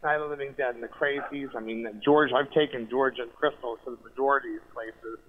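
A man calling in as a guest on a podcast, talking in a jokey, animated way and often cutting in. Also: mid-range voice, brisk. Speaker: event co-organizer, guest. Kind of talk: casual podcast conversation. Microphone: phone or call audio. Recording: tinny phone line.

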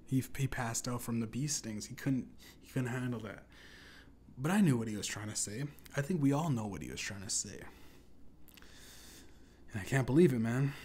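A man hosting a comedy podcast, rambling through an absurd tall tale in a deadpan, profane way. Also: mid-range voice. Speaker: podcast host. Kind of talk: improvised comedic storytelling.

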